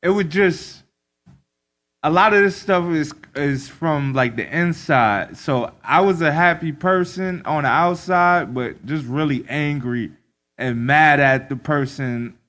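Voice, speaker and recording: A man's voice: fairly high pitch, takes it slowly, fairly bright tone. Easygoing man chatting on radio. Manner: easygoing, reflective, loose. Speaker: podcast co-host and rapper. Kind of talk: casual radio chat.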